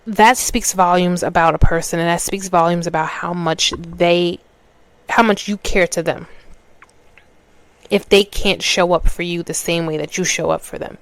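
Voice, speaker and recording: A woman's voice: fairly low pitch, steady tone, normal speed, no echo. A woman, hosting a podcast and telling a personal story in a loose, conversational way, restarting her sentences and acting out what people said. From New York. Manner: conversational, restarts mid-sentence, acts out quoted dialogue. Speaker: podcast host.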